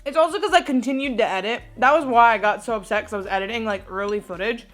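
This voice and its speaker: A young woman talks to her camera in a loose, bubbly vlog style, with "like" dropped in all through her sentences. Her voice sits a little high for a woman. She chats the way she would with friends. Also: quick pace, faint music behind. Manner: chatty, bubbly, says "like" often. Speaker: vlogger. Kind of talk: casual vlog chat. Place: at home, then at a gym.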